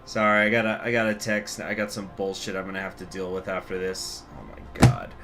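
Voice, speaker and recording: A man's voice: low voice, completely flat delivery, fairly quick, a bit bright, faint music behind. A man hosting a gaming video, reading story text aloud with casual, profane asides. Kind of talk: let's play with story reading.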